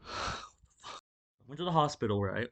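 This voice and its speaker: A man's voice: mid-range voice, expressive, unhurried, a bit bright. A young man telling a storytime vlog in a casual, rambling way, with lots of fillers, restarts and swearing, acting the story out as he talks. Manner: acts out the story with gestures. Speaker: vlogger.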